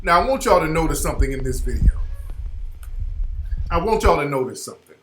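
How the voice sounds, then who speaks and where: High-voiced guy radio host going off over a clip, emphatic, echoey room. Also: expressive, fairly quick, slight background noise. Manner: emphatic, slangy, rising loud when worked up. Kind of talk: opinionated commentary over a video clip. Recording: roomy echoey sound.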